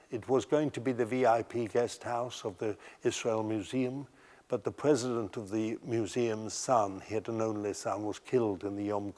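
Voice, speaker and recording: An older man telling stories from his life in a documentary interview, halting and often restarting his sentences. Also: fairly low pitch, mellow, in a large hall. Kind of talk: recounting memories in a documentary interview.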